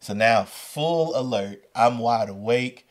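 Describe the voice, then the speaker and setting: A man hosting a storytelling podcast, telling a story with lively delivery and acting out the voices. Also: mid-range voice, takes it slowly. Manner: animated, acts out the voices in his story. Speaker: podcast host and educator.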